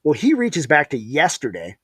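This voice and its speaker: A man in his thirties telling a story in a casual chat, animated and profane. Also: on the high side, normal speed, breathy edge, no room sound. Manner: animated, profane, acts out quotes. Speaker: podcast guest.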